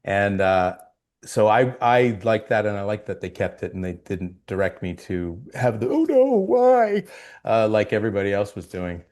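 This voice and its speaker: Low-voiced man telling animated stories. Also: moderate pace. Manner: animated storyteller, acts out quotes. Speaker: actor guest. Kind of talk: storytelling interview.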